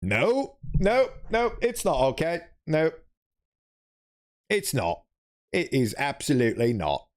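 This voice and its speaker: A man's voice: a little high, very animated, slow pace, long pauses, pitched above the performer's own voice. A man doing a furious young guy, fed up. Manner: shouting, swearing, exasperated.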